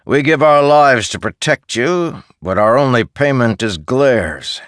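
A man voicing a hard, self-righteous male soldier who lectures loudly and sounds aggrieved. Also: mid-range voice, animated, unhurried, no echo, clean studio sound, pitched above the performer's own voice.

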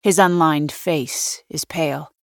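A woman with a low voice narrates a first-person thriller audiobook. Her delivery is measured and wry, like an inner monologue. The sound is dry and close, with no room at all. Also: steady tone, gravelly, no echo.

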